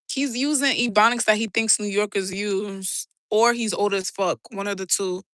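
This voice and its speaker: A young woman from New York City, with a New York accent, talks in a steady, fairly bright mid-range voice at a moderate pace on a dry recording. Livestreaming, she reads and answers her chat casually, using slang and laughing often.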